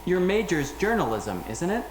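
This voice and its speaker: A woman's voice: fairly low pitch, sing-song, moderate pace, faint music behind. A woman voicing a young female public health student in a scripted textbook listening dialogue. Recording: echoey hall recording with noise.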